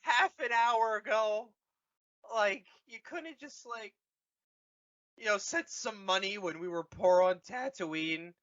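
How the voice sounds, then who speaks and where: A man's voice: sits high, takes it slowly, fairly bright tone, voice pushed up. A man voicing an exasperated young hero, swearing and indignant, on a dull lo-fi recording. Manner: crude, indignant.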